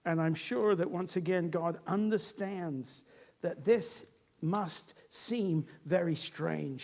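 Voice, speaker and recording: A man's voice: high-pitched, slow pace, vocal fry, darkish tone. A male preacher retelling a scripture story in a conversational sermon.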